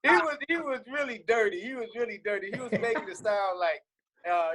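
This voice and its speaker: A man, a singer in a vocal group, telling a lively story on a video call. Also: high voice, a little fast, poor audio. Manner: animated, laughing storyteller.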